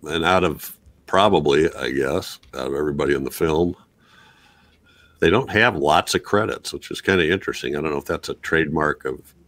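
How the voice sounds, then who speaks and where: A man's voice: very deep voice, a little fast, a bit bright. A man hosting a casual film review podcast, talking with many fillers and restarts. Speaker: podcast host.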